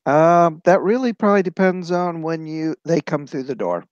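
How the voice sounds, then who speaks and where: A man's voice: a little high, animated, moderate pace, a little mellow, no room sound. A man playing a tabletop game, laying out his plans step by step while thinking aloud. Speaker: player. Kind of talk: casual tabletop play. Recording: dry, lo-fi recording.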